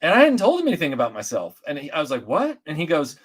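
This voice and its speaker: A man's voice: fairly high pitch, rapid-fire. Rambling middle-aged man from Atlanta. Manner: rambling, animated, many restarts and fillers. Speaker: guest. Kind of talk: casual storytelling chat.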